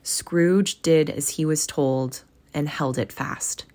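A woman's voice: sits low, takes it slowly. A young adult woman reading a classic story aloud, then chatting affectionately with her listeners. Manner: warm, affectionate, encouraging. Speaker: audiobook reader and podcast host. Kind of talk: storybook reading and casual sign-off.

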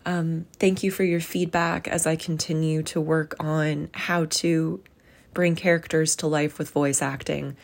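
A woman narrating a classic story as a hobby reader, in a measured, expressive reading style. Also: deep voice, creaky. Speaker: audiobook narrator.

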